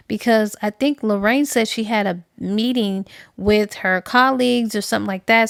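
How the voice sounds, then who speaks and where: A woman recapping a novel in a casual, animated, slangy storytelling style. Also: mid-range voice, moderate pace, vocal fry, hardly any pauses, no echo, studio quality. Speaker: book reviewer. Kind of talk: casual book review recap.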